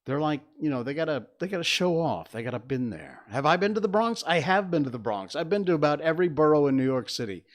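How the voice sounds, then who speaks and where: A man's voice: on the high side, sing-song, fast, few pauses. Rambling older man on a livestream. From Connecticut, USA. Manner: rambling, chatty, lots of fillers and restarts. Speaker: livestream host. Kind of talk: casual solo livestream talk. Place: home studio.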